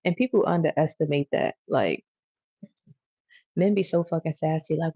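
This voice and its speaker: A woman's voice: sits low, moderate pace, vocal fry, warm tone, dry recording, muffled recording. A woman giving a casual tarot reading to her viewers, rambling, profane and chatty as she goes. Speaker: tarot reader.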